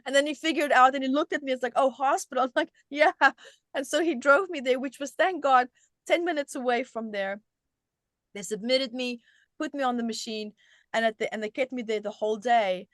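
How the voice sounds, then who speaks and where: A woman's voice: sits high, brisk, dry recording, clean studio sound. Middle-aged woman telling her story animatedly. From South Africa. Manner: animated, with frequent restarts. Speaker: guest, self-help author. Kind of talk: conversational storytelling.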